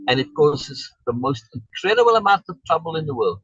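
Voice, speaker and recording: A man's voice: fairly high pitch, big pitch swings, a little fast, a bit bright, breathy edge, dry recording, lo-fi sound. A man coaching someone over a video call, emphatic and repeating key words for stress. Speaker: life coach.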